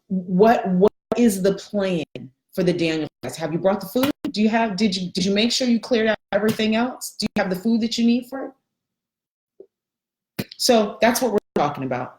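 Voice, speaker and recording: A middle-aged woman with a lilt leads a live coaching talk. Her voice sits fairly low and swings up brightly when she greets viewers. The room has a noticeable echo. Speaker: life coach.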